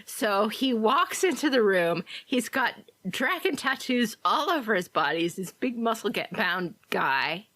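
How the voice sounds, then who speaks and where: A woman co-hosting a podcast, chatty and quick to laugh as she retells scenes. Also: mid-range voice, sing-song, a bit bright, dry recording. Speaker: podcast co-host. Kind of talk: casual chat about game fiction.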